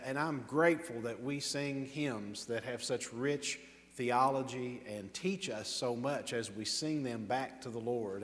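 Man, pastor, earnest sermon delivery, medium voice, long church reverb. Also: medium pitch. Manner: warm earnest preaching, hushed in prayer. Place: church sanctuary.

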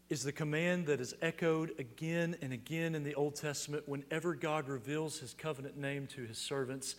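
A man preaching a sermon, explaining scripture verse by verse, building to emphatic peaks and dropping to quiet asides. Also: fairly high pitch, steady tone, moderate pace, few pauses, long reverb tail. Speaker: pastor.

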